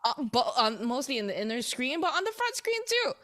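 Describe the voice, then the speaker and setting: A woman hosting a tech podcast, talking casually and animatedly with lots of fillers and quick laughs. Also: high voice, big pitch swings, fairly bright tone. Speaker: podcast host.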